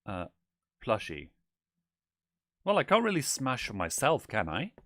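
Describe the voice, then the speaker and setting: A man's voice: medium pitch, huge pitch swings, measured pace, fairly bright tone, no echo, clean studio sound. A man voicing a flamboyant male owl demon prince while streaming a game in character, theatrical and giggly, calling people darling. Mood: playful. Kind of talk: in-character gameplay livestream.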